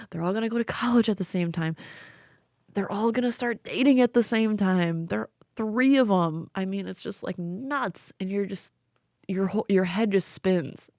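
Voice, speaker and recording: A woman's voice: mid-range voice, a little mellow, no echo, clean studio sound. A young woman co-hosting a podcast, chatting casually and laughing often, with lots of fillers. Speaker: podcast co-host. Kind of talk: casual chat.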